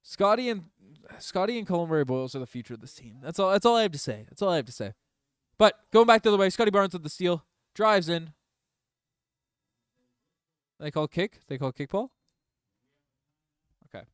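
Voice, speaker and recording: This young man does partisan play-by-play on a livestream, alternating fast calls with loud eruptions when things go his team's way. His smooth, slightly high voice has a sing-song lilt, captured close on a dry mic with no room sound and no echo.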